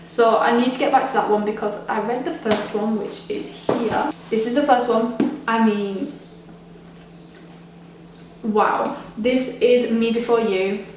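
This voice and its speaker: A woman's voice: a little high, steady tone, measured pace. A young woman chatting casually in a home vlog, rambling with lots of ums and restarts. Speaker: vlogger. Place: home rooms. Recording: echoey room, faint noise.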